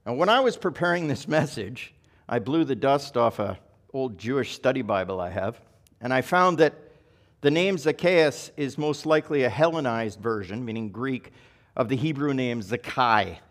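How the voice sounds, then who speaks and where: A male pastor giving a sermon in a relaxed, conversational way, now and then correcting himself. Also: medium pitch, moderate pace. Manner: conversational, self-correcting, occasional chuckle.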